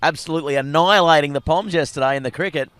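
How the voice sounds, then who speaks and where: A man commentating a live rugby sevens match, excitable and rising to shouts at tries. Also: fairly high pitch, rapid-fire, clear, resonant tone, no room sound. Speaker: sports commentator.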